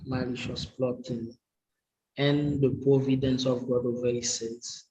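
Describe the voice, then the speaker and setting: A man studying to preach, reading his notes aloud and sounding out hard words slowly and carefully, with English not his first language. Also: mid-range voice, level tone, warm tone, low-quality recording. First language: a language other than English. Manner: slow and careful, sounds out and repeats difficult words. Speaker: preaching student.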